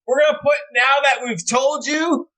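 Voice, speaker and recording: Brash, sharp-voiced podcast host. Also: male voice, extremely high pitch, fairly even intonation, normal speed. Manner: blunt, swears freely, teasing. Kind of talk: casual podcast chat.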